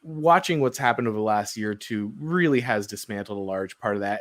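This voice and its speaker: A man from the United States hosting a podcast, talking through his views in a casual, rambling way, often restarting and tagging his points with "right?". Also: medium pitch. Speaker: podcast host. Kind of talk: casual political discussion.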